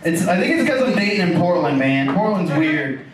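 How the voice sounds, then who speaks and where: A man rattling through a crude stand-up set in a loose, chatty way, his voice high and bouncing. He sounds distant in an echoey bar room with an audience audible around him. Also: big pitch swings, moderate pace, crowd noise. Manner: crude, loose, conversational storytelling. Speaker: stand-up comedian. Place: bar venue stage with live audience.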